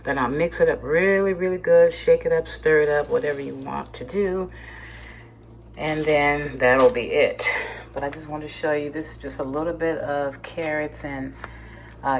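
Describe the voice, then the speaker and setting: Low-voiced woman chatting to her camera. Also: moderate pace, slight background noise. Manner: chatty, talks to viewers while cooking. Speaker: vlogger. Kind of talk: casual home vlog. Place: home kitchen.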